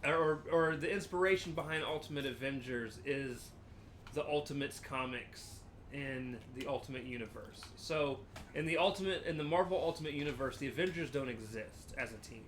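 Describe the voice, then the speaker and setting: Podcast host guy rambling through a review, lots of ums, sharp bright tone. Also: medium pitch, normal speed, slight background noise. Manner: talkative, explains at length with frequent ums. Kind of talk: casual review chat.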